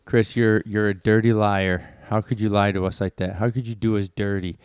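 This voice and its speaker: A man co-hosting a casual podcast, joking loosely and talking in quick bursts with plenty of fillers. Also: lowish voice, fairly even intonation, clear, resonant tone, dry recording, studio quality. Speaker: podcast co-host. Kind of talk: casual chat. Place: indoor room.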